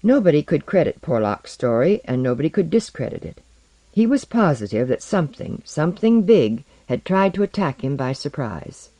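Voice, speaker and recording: A man narrating a story in a measured, expressive scripted reading. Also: a little high, no echo. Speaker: audiobook narrator.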